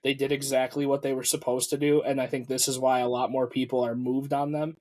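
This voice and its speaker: A man's voice: medium pitch, flat delivery, brisk, darkish tone. A man co-hosting a casual sports podcast who makes his case in a plain, assertive way. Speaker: podcast co-host.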